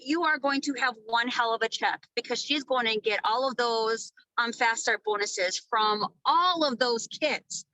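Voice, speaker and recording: Woman from Minnesota, thirties, sales team leader; bright, forceful delivery, a little high, dry close sound, casual and energetic. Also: dry recording, rough recording. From Minnesota, USA. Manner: energetic, casual, swears freely. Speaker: network marketing team leader. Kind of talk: motivational training talk.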